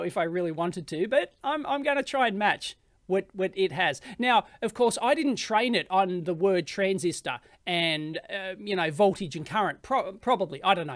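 A man's voice: high voice, no room sound, studio quality. A man with an Australian accent hosting an electronics video, talking casually and bluntly and laughing often. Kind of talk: casual commentary.

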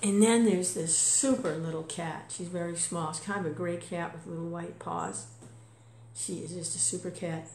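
An older woman talks informally about her devotion, her lowish voice turning emotional and exclamatory with frequent laughs. The sound is roomy, with a faint hum of background noise beneath her. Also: steady tone, normal speed, a little mellow. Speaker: devotee sharing reflections. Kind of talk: casual spiritual talk.

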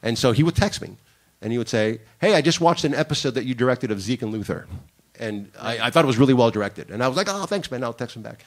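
Lively man telling career stories. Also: mid-range voice, fast talker. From Miami. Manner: animated storyteller, acts out quoted lines. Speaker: guest director. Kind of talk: panel conversation, storytelling. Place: conference room.

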